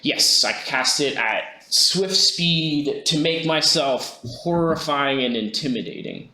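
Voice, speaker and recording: A man playing a tabletop game, talking slowly and hesitantly as he works out the rules aloud. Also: on the high side, bright, forceful tone, echoey room. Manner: slow, hesitant, thinking aloud over rules. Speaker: player. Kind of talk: tabletop game play, casual.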